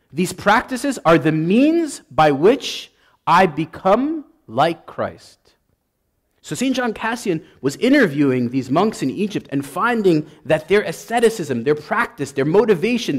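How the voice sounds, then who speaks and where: A male priest preaching a sermon with passion, repeating his points for emphasis until he gets worked up. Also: high voice. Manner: impassioned, builds to emphatic repetition.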